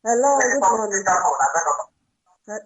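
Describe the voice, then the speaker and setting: A woman's voice: a little high, slow, breathy edge. Lady phoning into a radio show, earnest and thankful, muffled line. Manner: grateful and earnest. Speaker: caller. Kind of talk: phone call to a radio show. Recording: dull, muffled phone line.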